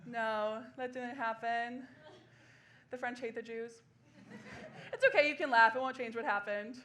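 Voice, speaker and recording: A woman in her twenties performing a solo comedy show on a small theater stage, laughing through quick self-deprecating asides. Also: fairly high pitch, a bit bright. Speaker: stand-up comedian.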